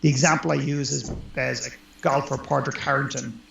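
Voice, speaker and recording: A man with a medium-pitched, steady, slightly bright voice with vocal fry talks fairly quickly. He's a life coach being interviewed conversationally, speaking earnestly and with emphasis, in a roomy, dull lo-fi recording.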